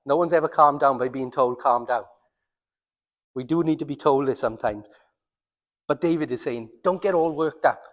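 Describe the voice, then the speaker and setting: A man with a Welsh accent preaching a sermon as pastor, earnest, slowing down and dropping his voice for emphasis. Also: mid-range voice, long reverb tail. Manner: earnest, slows down and drops to near silence for emphasis. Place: church.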